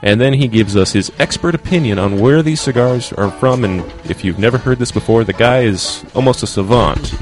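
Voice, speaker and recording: A man's voice: medium pitch, fairly quick, faint music behind. A man co-hosting a radio show, chatting casually and introducing the segment. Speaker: radio co-host.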